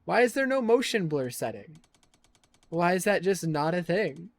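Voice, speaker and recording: A man's voice: sits high, sing-song, normal speed. Sarcastic, swearing male streamer. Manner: sarcastic and profane, thinking aloud. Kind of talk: casual live gameplay commentary.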